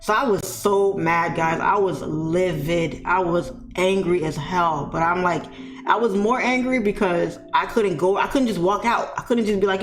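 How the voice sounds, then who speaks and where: A woman telling a story in a casual, animated way, speaking straight to her viewers. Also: fairly low pitch, normal speed. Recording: echoey room with faint music.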